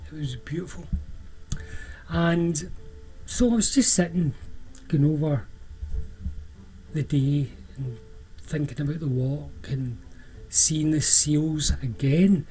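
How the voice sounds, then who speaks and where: A man with a Scottish accent telling a personal story in a relaxed, chatty way, often restarting and drawing out words. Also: fairly high pitch, low-quality recording. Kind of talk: casual spoken storytelling.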